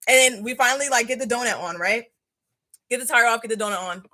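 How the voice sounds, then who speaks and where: A young woman in her twenties telling a casual, slangy storytime while doing a face mask, animated and laughing often. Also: a little high, quick pace. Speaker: vlogger.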